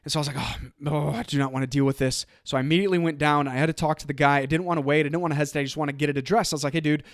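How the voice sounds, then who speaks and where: A man hosting his own motivational podcast, telling a story in an energetic, conversational way and quoting others in his own voice. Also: on the high side, racing, dry recording, studio quality. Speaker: podcast host.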